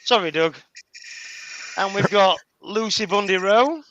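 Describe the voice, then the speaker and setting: A man reads names from a live chat and greets each viewer in a friendly, chuckling way. His voice sits high and bright, and he takes his time. The audio is slightly dull and lo-fi. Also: unhurried, a little hiss or hum. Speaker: guest reading out the chat. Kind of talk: casual live stream chat.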